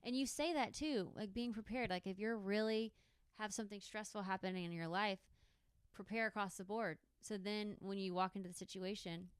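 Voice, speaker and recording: A woman's voice: medium pitch, moderate pace, smooth, no echo. A woman hosting an interview, chatty and full of "like". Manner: chatty, warm-toned filler "like". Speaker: podcast host. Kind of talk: casual interview chat.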